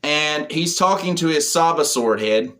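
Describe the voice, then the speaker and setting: A man's voice: on the high side, animated, measured pace, fairly bright tone. Chatty man recapping a comic. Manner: rambling plot retelling with fillers. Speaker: comic book reviewer. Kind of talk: casual spoken review.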